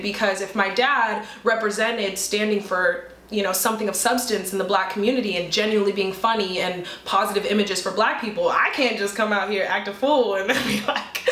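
Animated young woman in a roomy space. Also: medium pitch. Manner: animated, acts out quoted people. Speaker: singer, actress and comedian. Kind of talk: candid interview talk. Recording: roomy echo.

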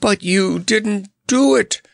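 A man's voice: mid-range voice, animated, unhurried, vocal fry, fairly bright tone, no room sound, clean studio sound, voice pushed up. A man doing a brave, joking storybook clown. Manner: jokey, puffing, shaky.

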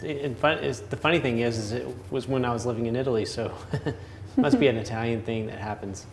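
Relaxed Southern man chatting while painting. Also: mid-range voice, a little fast, a little hiss or hum. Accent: Southern American. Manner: relaxed, rambling, laughs often. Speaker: painting instructor. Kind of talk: casual chat while painting.

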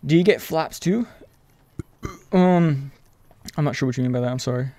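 A young man streaming a video game, chatting casually with viewers, excitable and swearing freely, yelling when the action heats up. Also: mid-range voice, moderate pace, dry recording. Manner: excitable, swears freely, yells during fights. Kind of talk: casual live-stream chat and gameplay commentary.

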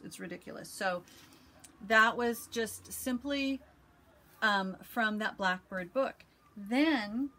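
A woman's voice: mid-range voice, a bit bright. Chatty woman vlogger showing her quilts. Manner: chatty, enthusiastic, many fillers and restarts. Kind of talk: casual show-and-tell chat.

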